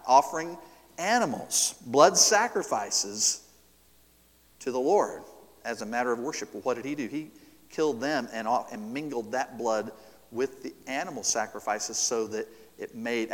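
Expressive preacher man in reverberant hall. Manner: expressive preaching with wide swings in pitch and loudness. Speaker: pastor. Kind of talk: sermon.

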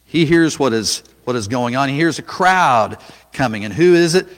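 A man preaching a sermon, dramatic, rising to loud cries when he acts out a scene. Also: mid-range voice, animated, moderate pace, long reverb tail.

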